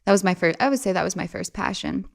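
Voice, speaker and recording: As a guest in an interview, a young woman chats fast and animatedly with a gravelly edge. Quotes often come out in a playful high voice.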